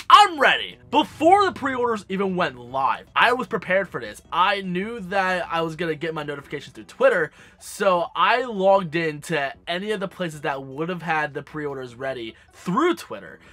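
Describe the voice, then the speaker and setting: High, bright-voiced sassy young man. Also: no room sound. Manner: animated, sassy, swears freely. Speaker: gaming vlogger. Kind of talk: casual storytelling to camera.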